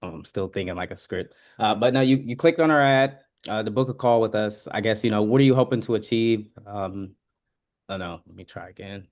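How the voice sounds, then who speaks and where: A man's voice: fairly low pitch, fairly quick. A man practicing a sales opener on a video call, hesitant and often starting over. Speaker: sales trainee.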